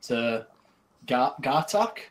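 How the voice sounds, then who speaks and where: A man's voice: mid-range voice, sing-song, slow pace. A man playing in a tabletop game, talking casually and hesitantly. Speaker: player.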